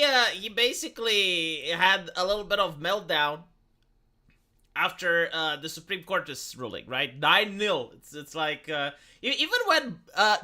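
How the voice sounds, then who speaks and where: Squeaky-voiced Romanian man streaming. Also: sharp tone. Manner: rambling, stumbling restarts, reads chat aloud. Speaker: live streamer. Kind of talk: casual stream commentary.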